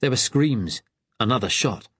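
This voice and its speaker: A man narrating an audiobook thriller in a measured, tense storytelling voice. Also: medium pitch, animated, a bit bright, breathy edge, no room sound.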